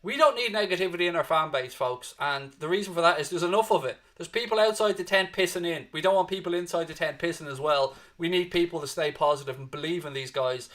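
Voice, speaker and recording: A man with a Dublin Irish accent hosting a fan watchalong, giving animated live match commentary and chatting with viewers, swearing freely and urging positivity. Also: fairly high pitch, quick pace, few pauses. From Ireland.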